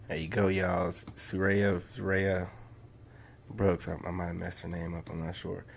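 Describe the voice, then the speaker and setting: A man's voice: low voice, flat delivery, moderate pace, vocal fry, a little hiss or hum. A man hosting a casual reaction video, talking in a drawling, slangy way and saying "man" a lot. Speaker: YouTube reaction host.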